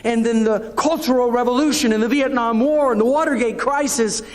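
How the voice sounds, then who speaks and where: A man's voice: very high voice, brisk, a little mellow. A man with a Southern US accent preaching a conversational sermon as pastor, acting out the voices of churchgoers. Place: church sanctuary. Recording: long reverb of a church hall, local TV broadcast.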